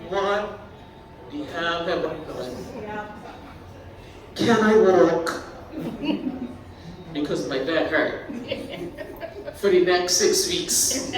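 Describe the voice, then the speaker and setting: Bermudian woman in her sixties doing stand-up. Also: mid-range voice. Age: 60s. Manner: chatty, animated, breaks into laughs. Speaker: stand-up comedian. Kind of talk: live stand-up storytelling. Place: party venue with a live audience. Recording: echoey room, mic from far off, audience laughter.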